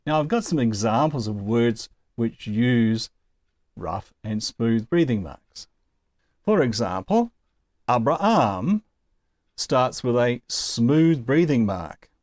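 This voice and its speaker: A man teaches Greek pronunciation in a slow, unhurried way, and his pitch rises and falls a lot as he explains. He sounds patient and careful and sometimes gives a small chuckle. The sound is dry and close, with no room echo. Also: animated, a little mellow. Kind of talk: recorded lesson.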